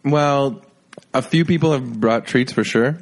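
Guy hosting a chill podcast, jokey banter, normal pitch. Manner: joking, quick banter. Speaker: podcast host. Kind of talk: casual chat.

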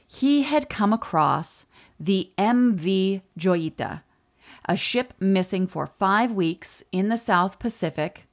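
A woman co-hosting a podcast, telling a history story in a relaxed way with quick asides. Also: mid-range voice. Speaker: podcast co-host. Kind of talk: storytelling chat.

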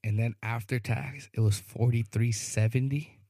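A man's voice: medium pitch, steady tone, moderate pace, dark tone, dry recording, studio quality. A man co-hosting a podcast, telling a long rambling story in casual chat, often asking "you know what I mean" and acting out the people in it. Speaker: podcast co-host.

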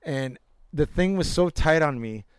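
A young man with a smooth, resonant voice rambles through stories, laughing and swearing as he goes. His pitch sits a little above average, and the recording is dry and close. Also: lively intonation, a little slow, no echo. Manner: rambling anecdotes with laughter and crude jokes. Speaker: storyteller. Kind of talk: casual chat.

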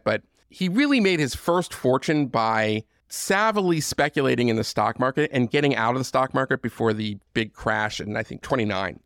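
A man with a gravelly, creaky voice tells history in a loose, conversational way, stacking asides and casual fillers. His pitch sits in the middle for a man. The sound is close and dry, with no room echo. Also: a bit bright. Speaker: podcast host. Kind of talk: history podcast monologue.

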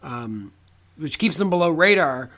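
A man co-hosts a film podcast. His voice sits a bit high, and he talks in a loose, chatty way with plenty of swearing and tangents. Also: expressive, unhurried, a bit bright. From Canada. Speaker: podcast co-host. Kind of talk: casual film discussion.

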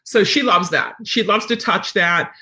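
A woman dog trainer chatting casually to viewers, rambling and filling pauses with um and you know. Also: mid-range voice, pushed and bright. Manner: rambling, chatty, many fillers.

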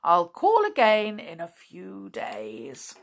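A woman voicing a bossy, cheerful male animal doctor who is secretly a sham, speaking briskly and with mock gravity. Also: lowish voice, huge pitch swings, exaggerated voice. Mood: brisk, mock-grave. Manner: brisk, bossy and gleefully grave.

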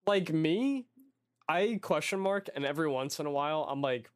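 A man's voice: a little high, lively intonation, normal speed. Candid young man, swears a lot. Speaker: podcast co-host. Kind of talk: casual gaming podcast chat.

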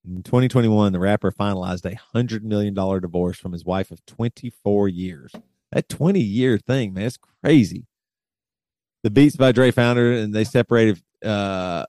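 Male host, low voice, casual delivery with loose asides; dry mic. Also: mellow, no echo. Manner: loose, reads out figures with halting asides. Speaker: podcast host. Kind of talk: casual chat, reading news items aloud.

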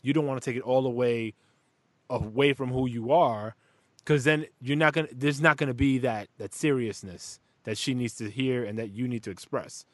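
A man chatting casually as a father, rambling and profane in animated stories. His voice sits at a middling pitch. The sound is dry and close, with no room echo. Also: normal speed. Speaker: podcast host and father. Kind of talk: casual chat.

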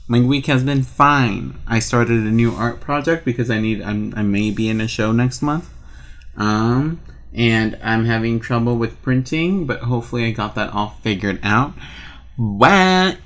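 A man joins a casual podcast over a call. His humor is dry and deadpan, and his tone stays low-key. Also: unhurried. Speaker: podcast co-host. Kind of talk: casual chat. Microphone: remote call.

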